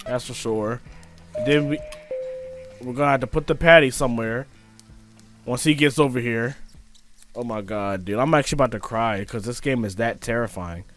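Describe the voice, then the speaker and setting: A young man with an excitable, slangy manner, commentating a let's play of a game and yelping when he gets scared. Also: mid-range voice, moderate pace, pauses often, faint music behind. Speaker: gaming streamer.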